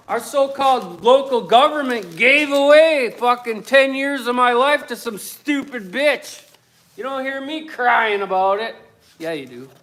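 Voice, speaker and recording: A man's voice: very high-pitched, fairly bright tone. A man livestreaming from his home workshop, swearing constantly and ranting at his chat while he builds. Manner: profane, combative, ranting. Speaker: livestreaming woodworker. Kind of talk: casual livestream rant while working.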